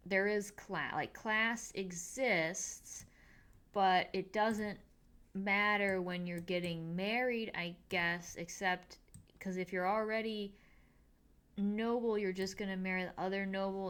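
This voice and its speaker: A young woman casually recapping a TV episode with dry sarcasm, tossing off quick mock quotes of the characters. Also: on the low side, fairly bright tone, clean tone. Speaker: podcast host recapping a TV episode.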